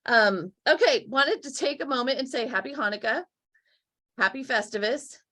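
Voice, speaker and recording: Upbeat, teasing woman host, a touch high, casual interview chat. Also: moderate pace, sharp tone. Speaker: podcast host.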